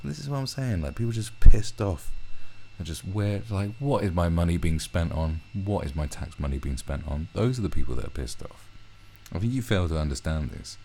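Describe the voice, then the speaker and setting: A man's voice: low voice, animated, brisk, creaky, dark tone, slight background noise. A man ranting through a commentary video, swearing heavily and often restarting his sentences. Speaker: commentary vlogger.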